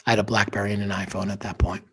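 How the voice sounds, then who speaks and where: Man, husky voice, guest on an interview, emotional storytelling, hushed then emphatic. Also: on the low side, level tone, very fast. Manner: swings between hushed near-whispers and raised intense emphasis.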